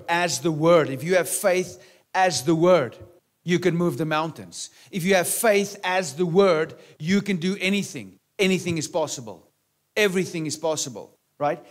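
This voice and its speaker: A man preaching a sermon in a conversational way, with rhetorical questions and a frequent "right?" or "amen?" to the congregation, sometimes dropping to quiet asides. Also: a little high. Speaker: pastor.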